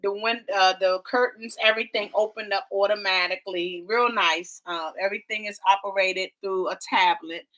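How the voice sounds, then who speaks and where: Female vlog co-host, dramatic storyteller, bright tone. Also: mid-range voice, moderate pace, few pauses. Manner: animated, dramatic storytelling with y'all and quoted voices. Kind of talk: casual travel storytelling.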